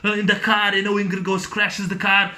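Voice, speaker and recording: A man recording a casual movie discussion video, rambling excitedly with many restarts and fillers. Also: sits high, brisk. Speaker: YouTube film reviewer.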